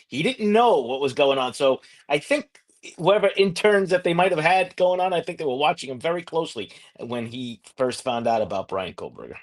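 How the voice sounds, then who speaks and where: A man, a former homicide investigator, talking through a case in a relaxed, plain-spoken way. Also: on the high side, normal speed. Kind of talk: casual podcast discussion.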